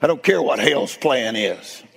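A man preaching in a folksy storytelling way, laughing often and swinging between loud and hushed. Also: medium pitch, animated, a little slow, gravelly, husky, big-room sound. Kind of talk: storytelling sermon.

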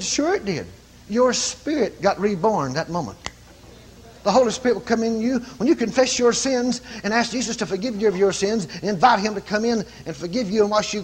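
A man preaching, telling a story with animated, commanding calls. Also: high-pitched, a little hiss or hum. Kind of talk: sermon storytelling.

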